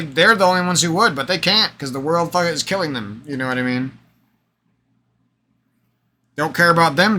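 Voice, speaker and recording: A man in a rambling, profane vlog monologue, with repeated phrases and a slightly hoarse voice. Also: on the high side, sharp tone, slight background noise. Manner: profane, emphatic, repetitive, rambling. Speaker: vlogger. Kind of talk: unscripted ranting vlog monologue.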